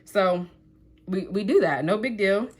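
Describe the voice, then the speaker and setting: A young woman tells a personal story to her viewers while she does her makeup. Her talk is chatty and animated, and it is full of asides and "like" fillers. She keeps an easy, conversational tone throughout. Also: medium pitch, measured pace, husky. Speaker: vlogger.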